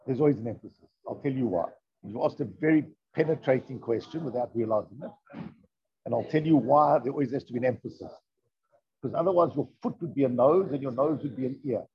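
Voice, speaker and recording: Speaking fast in a mid-range voice, a man gives a classroom Torah lesson with text reading, explaining things conversationally. He asks rhetorical questions and weaves in Hebrew terms, and the recording is dull and lo-fi.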